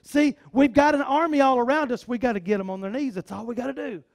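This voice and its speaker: A man's voice: extremely high pitch, quick pace. A male pastor preaching a sermon, fervent and repetitive, with folksy sayings.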